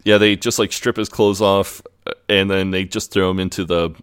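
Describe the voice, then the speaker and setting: Deep smooth-voiced man. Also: moderate pace, no room sound, clean studio sound. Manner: relaxed retelling, quoting characters in plain voice. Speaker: podcast co-host. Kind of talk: casual podcast recap.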